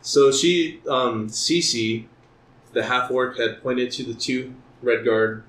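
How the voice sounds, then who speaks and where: A man's voice: medium pitch, steady tone, takes it slowly, a bit bright. A man playing a tabletop game, chatting in a laid-back way. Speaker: player. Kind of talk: casual tabletop play. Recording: roomy echo.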